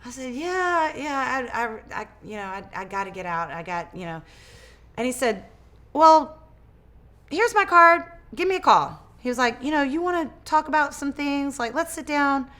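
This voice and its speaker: Woman, interview guest, bright tense tone, casual storytelling, animated, acts out quotes, restarts words. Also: high voice, normal speed. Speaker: interview guest, business owner.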